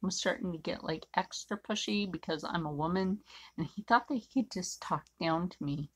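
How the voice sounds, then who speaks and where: A woman's voice: lowish voice, normal speed, slightly rough. A woman artist chatting bluntly and rambling with many fillers while she draws. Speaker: artist drawing on camera. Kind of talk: casual chat while drawing.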